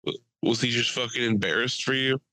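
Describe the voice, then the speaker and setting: A man co-hosting a loose podcast conversation, his voice bright and forward. He jokes, swears freely and teases his friend. The sound is dry and close to the mic. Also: mid-range voice, fairly quick, dry recording, poor audio. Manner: joking, profane, mocking put-on voices. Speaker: podcast co-host. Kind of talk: casual chat.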